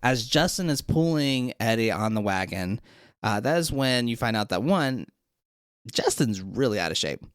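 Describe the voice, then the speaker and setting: A podcast co-host casually recapping a TV episode, telling the story in an animated way and acting out the lines. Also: medium pitch, moderate pace, no echo, studio quality. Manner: animated storyteller, acts out quotes.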